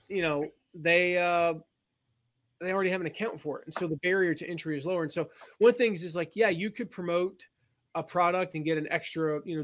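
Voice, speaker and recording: A man's voice: sits high, fairly bright tone. A man hosting a casual webinar, rambling with lots of fillers and laughing at himself. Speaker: host.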